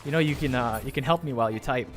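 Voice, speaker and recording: A man's voice: mid-range voice, very fast, fairly bright tone, soft background music. A young man streaming a game and chatting casually, rambling and self-deprecating. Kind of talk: casual live-stream chat.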